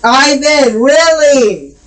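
A woman with a slightly high voice talks slowly and casually over a game. She keeps yelling at her cat and swearing, and she laughs easily. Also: lively intonation, low-quality recording. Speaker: gamer. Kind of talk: casual chat while gaming.

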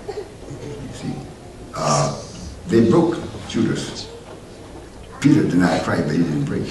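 Pastor preaching loud then dropping low, very lively pitch, roomy church sound. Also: male voice. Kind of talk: sermon. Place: church sanctuary. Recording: echoey church heard from a distance with noise.

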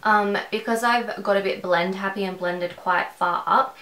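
A woman's voice: medium pitch, steady tone, measured pace, fairly bright tone, reverberant, low-quality recording. A woman with an Australian accent talking through a makeup tutorial in a rambling, conversational way, at home. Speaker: beauty vlogger.

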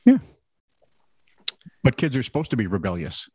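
A man's voice: medium pitch, big pitch swings, moderate pace, mellow, husky, no room sound. A man co-hosting a casual comedic news podcast, reading odd stories and adding sarcastic jokes. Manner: wry, sarcastic joking. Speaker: podcast co-host.

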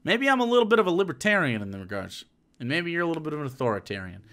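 A man's voice: on the high side, big pitch swings, racing, fairly bright tone. A man streaming live, reacting to a clip in a sarcastic, profane rant.

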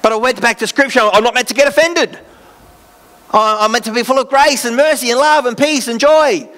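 An Australian pastor delivers a sermon with a fairly high voice. His preaching is earnest yet conversational, and he mixes in self-deprecating asides. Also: a little fast, a bit bright.

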